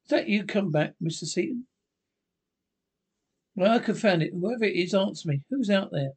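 A gruff old judge , as a man acts him, talks in a brisk, dismissive tone. He sounds unbothered and a little cranky. The reading has the feel of an old radio drama. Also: high voice, expressive, darkish tone, pitched above the performer's own voice, heavily acted. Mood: brusque. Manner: brusque, dismissive.

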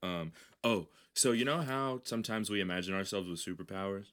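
Low-voiced man, rambling and profane. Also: brisk, fairly bright tone. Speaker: podcast host. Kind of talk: casual chat.

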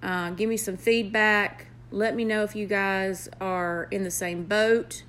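Southern woman, young, earnest heartfelt vlog talk, slow and deliberate delivery. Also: medium pitch, steady tone, a bit bright, a little hiss or hum. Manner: earnest, heartfelt, with pauses and fillers. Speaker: nurse vlogger. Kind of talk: motivational vlog.

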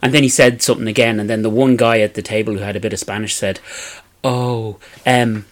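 An Irish man co-hosting a podcast, telling self-deprecating stories with frequent laughs and halting restarts. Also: fairly low pitch, steady tone. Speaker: podcast co-host. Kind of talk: casual storytelling chat.

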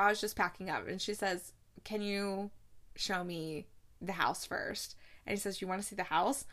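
A young woman casually recapping a movie plot, acting out the characters' lines and laughing often. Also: medium pitch. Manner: animated storytelling, acts out lines, laughs often. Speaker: podcast host reviewing holiday movies.

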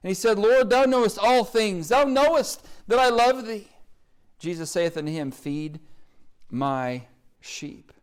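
A man's voice: high voice, animated, normal speed, clean tone. A pastor with an Oklahoma accent preaching a sermon, earnest and pleading as he reads scripture and calls listeners to decision.

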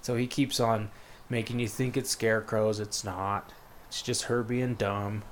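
Laid-back man with a low, flat voice. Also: unhurried, slight background noise. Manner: rambling, laid-back, lots of fillers and quoted voices. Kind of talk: casual chat, retelling a book plot.

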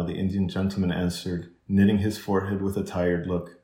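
A man's voice: deep voice, level tone, a little fast, warm tone. A man narrating a children's novel as an audiobook, reading steadily and barely changing his voice for the characters. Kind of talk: scripted narration. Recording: echoey room.

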